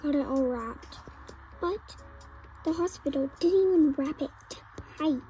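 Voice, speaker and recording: Chatting through a game role-play, a woman keeps saying "like" and "oh my goodness" in a high voice with a dark tone at a measured pace. Faint music plays behind her on a low-quality recording.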